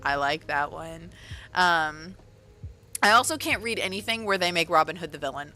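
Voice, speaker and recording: Woman, livestream host, casual chat, rambling, lower pitch, bright tone. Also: expressive, normal speed, slight background noise. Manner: chatty, rambling, self-correcting.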